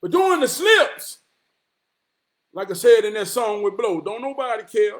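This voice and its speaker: A man with a strikingly high-pitched voice delivers a preachy motivational monologue. He is emphatic and profane, often rising to a shout, and he slows down to repeat his key lines for weight. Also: big pitch swings. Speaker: motivational vlogger.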